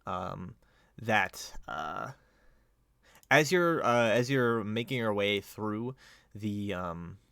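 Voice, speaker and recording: A man's voice: on the low side, expressive, drawn-out words, creaky, fairly bright tone, no echo, studio quality. A man narrating a tabletop game as game master, hesitant and full of fillers.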